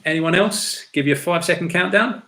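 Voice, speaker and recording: A man's voice: sits high, a little fast, bright, forceful tone, slight background noise. A man hosting a live-streamed pub quiz, chatty and upbeat, talking straight to his viewers and reading the quotes out plainly. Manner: reads quotes out plainly without doing voices.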